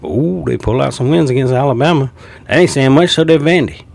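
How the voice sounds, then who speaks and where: A man's voice: mid-range voice, brisk, vocal fry, darkish tone. A man, ranting profanely about college football rankings. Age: 50s. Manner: profane, heated and mocking. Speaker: sports commentator. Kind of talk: ranting sports commentary.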